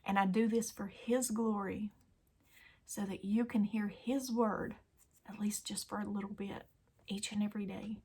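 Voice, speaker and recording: A woman hosting a daily devotional video, talking earnestly and emotionally to her viewers and often dropping to a soft whisper. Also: medium pitch, fairly even intonation, normal speed, slightly rough. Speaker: Christian YouTube devotional host.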